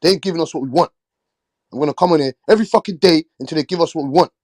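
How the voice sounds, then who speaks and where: A man's voice: fairly high pitch, rapid-fire, dry recording. A man hosting a boxing talk show, ranting in a heated, swearing, repetitive way. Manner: fired-up, swearing, repeating himself. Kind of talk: heated casual rant.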